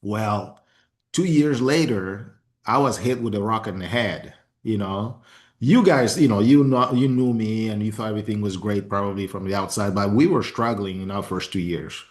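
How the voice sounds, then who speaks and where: A man whose first language is not English, hosting a podcast interview in a passionate, expressive way with many restarts. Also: on the low side, normal speed. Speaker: podcast host. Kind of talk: casual interview conversation.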